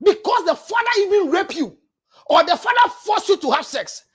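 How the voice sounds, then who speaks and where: High-voiced scolding Ghanaian woman counselor. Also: very animated, normal speed. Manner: forceful, scolding, often shouting. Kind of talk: preaching relationship advice to camera.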